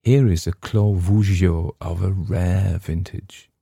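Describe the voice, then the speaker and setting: A man voicing a seductive masked woman at a feast, making slow, coaxing offers in a storybook reading. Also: deep voice, steady tone, gravelly, warm tone, husky, dry recording, studio quality, full character voice.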